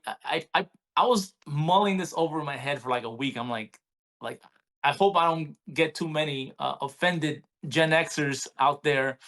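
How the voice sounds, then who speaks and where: A man in his forties, co-hosting a podcast, telling a story in a casual, animated way with many restarts. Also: a little high. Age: 40s. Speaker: podcast co-host. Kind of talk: casual chat.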